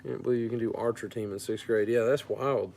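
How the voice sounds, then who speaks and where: Man from Louisiana, mid-pitched, easygoing stream host answering chat. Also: fairly quick, gravelly, slight background noise. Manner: relaxed, reads out and answers viewer comments. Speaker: fishing channel host. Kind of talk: casual livestream chat.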